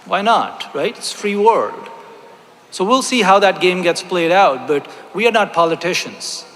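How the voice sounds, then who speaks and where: A man's voice: high-pitched, animated, unhurried, fairly bright tone, a little hiss or hum. A man giving an impassioned speech from a stage at a religious convention, repeating his points emphatically and asking the audience rhetorical questions. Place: large hall on stage. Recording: long hall reverb.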